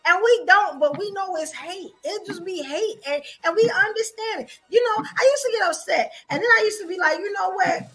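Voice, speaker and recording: A woman with a New York accent talks in a very high, bright voice. She is animated and boastful, laughing often as she chats on a podcast. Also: moderate pace, hardly any pauses. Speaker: podcast co-host. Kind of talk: casual chat.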